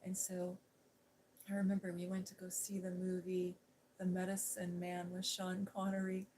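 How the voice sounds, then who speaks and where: A middle-aged woman, an ASMR host, telling a personal story in a gentle, hushed voice that drifts into whispers. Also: on the low side, monotone, moderate pace, slight background noise, poor audio. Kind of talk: soft-spoken storytelling.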